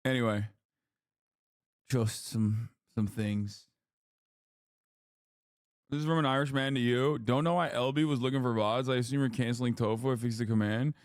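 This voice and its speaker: A man's voice: mid-range voice, moderate pace, long pauses, no room sound. Male streamer, blunt, swearing, joking, dry close sound. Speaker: streamer reacting to clips. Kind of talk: casual commentary.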